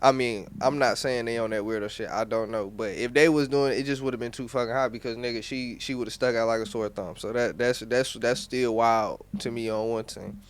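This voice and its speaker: Young male podcast host, North Carolina accent, casual profane commentary, clear voice, mid pitch. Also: fairly even intonation, fairly quick, hardly any pauses. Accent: Southern US, North Carolina. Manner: blunt, slangy, profane, loose restarts.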